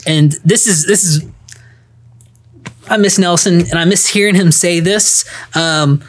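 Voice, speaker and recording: Man, podcast co-host, animated and easily laughing, walks through points in order. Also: high-pitched, measured pace. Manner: animated, laughs often, reviews points one by one. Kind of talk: casual podcast chat.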